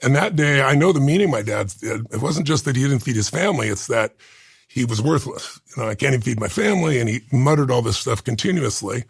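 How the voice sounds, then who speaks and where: A man's voice: medium pitch, animated, brisk, husky, dry recording, clean studio sound. A man in his sixties, a guest on an interview show, telling an emotional personal story earnestly. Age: 60s.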